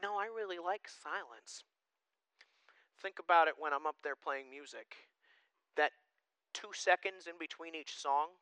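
A male pastor preaching a sermon in a casual, animated way, swinging from loud emphasis to hushed asides. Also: a little high, clean tone, dry recording, low-quality recording.

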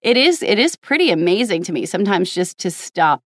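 A woman's voice: medium pitch, sing-song, brisk, no room sound, studio quality. An American woman in her forties hosting an interview, chatty with many fillers. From United States. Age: 40s. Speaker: interview host. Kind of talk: casual interview chat.

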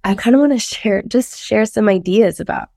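A woman's voice: mid-range voice, normal speed, vocal fry, darkish tone, no echo, studio quality. A woman in her thirties who is a little sick, hosting her life-coaching podcast in a chatty way with frequent restarts. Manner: chatty, many restarts and fillers, laughs often. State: sick, slightly husky. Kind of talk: casual podcast monologue.

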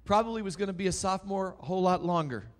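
A man preaching a sermon, telling a story dramatically and swinging between loud and hushed. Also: high-pitched, rapid-fire.

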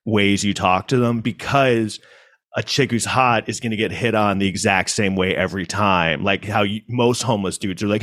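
A man telling a rambling story in casual podcast chat, acting out what people said with sudden jumps in pitch. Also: normal speed, fairly bright tone, dry recording, clean studio sound. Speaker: podcast host.

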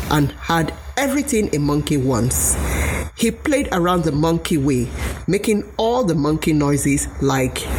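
Low-voiced woman telling a children's story. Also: background noise. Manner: slow, expressive, animated. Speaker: storytelling host.

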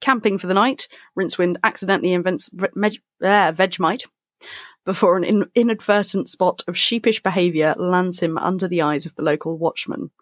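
A woman co-hosting a book podcast, recapping the plot in quick alliterative summaries and chatting casually. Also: on the low side, dry recording, studio quality. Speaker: podcast co-host.

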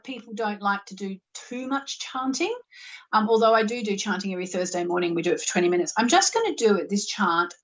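An Australian woman hosts a casual live stream, talking in a rambling, chatty way full of fillers. Her voice sits at an ordinary middle pitch. The recording is dull and muffled. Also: a bit bright. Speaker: spiritual live-show host.

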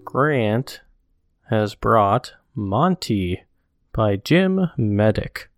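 A man co-hosting a podcast in casual chat, relaxed and chuckling, reading comics aloud. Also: lowish voice, drawn-out words, no room sound, studio quality, soft background music. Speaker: podcast co-host.

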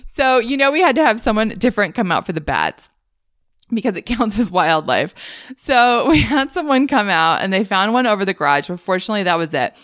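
A young adult woman hosting a podcast, telling her own stories in a casual, animated way with frequent laughs. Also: a little fast, no echo, clean studio sound. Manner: animated, laughs often, rises high when retelling panic. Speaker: podcast host. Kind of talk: casual storytelling monologue.

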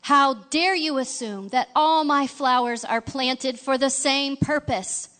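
A woman voicing an old man, a gardener who fiercely protects his flowers, scolding with indignant, repeated demands in a raised, slowed voice. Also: high voice, fairly bright tone, voice pushed up. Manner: rising indignant repetition.

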